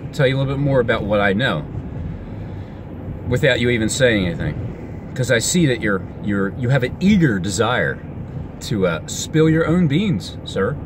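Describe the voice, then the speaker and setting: Cars and street noise are plainly heard behind a man vlogging outdoors. His monologue is rambling and excitable, with pitch jumping everywhere, and he keeps breaking off, starting over and trailing away mid-sentence.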